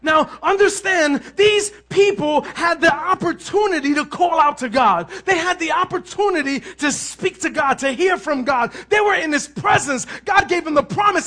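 High, bright-voiced preaching pastor. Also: male voice, moderate pace, hardly any pauses. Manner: animated preaching, shifting from hushed asides to shouted emphasis; acts out complaining voices of others. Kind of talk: sermon.

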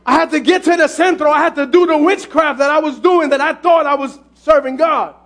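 A male pastor preaching a sermon, often shouting, telling his story with lively exclamations. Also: very high voice, brisk. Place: church sanctuary.

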